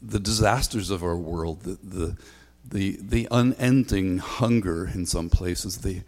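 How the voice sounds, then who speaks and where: A man's voice: low-pitched, unhurried, darkish tone. A man preaching a sermon as a pastor, talking conversationally with frequent ums and a repeated refrain. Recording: long hall reverb.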